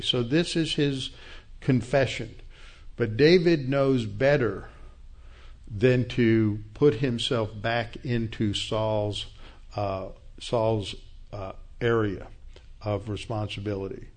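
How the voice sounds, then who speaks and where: A man's voice: mid-range voice, slow. A man teaching through a Bible passage as a pastor, explaining verse by verse in a conversational way with asides.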